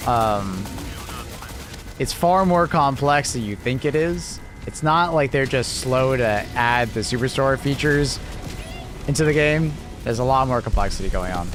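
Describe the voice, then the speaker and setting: Chatty man on a gaming livestream. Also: mid-range voice. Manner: chatty, laughs often, talks to chat and his cat. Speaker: livestreamer reading chat. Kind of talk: casual livestream chat.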